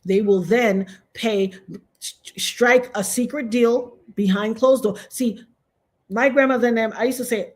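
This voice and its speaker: American lady going off in a casual commentary rant, loud bursts and repeats herself, kinda high voice. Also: unhurried. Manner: animated, repetitive and emphatic, with outbursts. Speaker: commentary vlogger.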